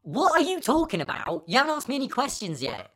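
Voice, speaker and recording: A man playing a stubborn guest who won't pay his bill, with flat sarcastic put-downs in an improvised comedy sketch. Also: very high-pitched, fast talker, heavily acted. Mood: scornful. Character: stubborn male guest, dry and unimpressed.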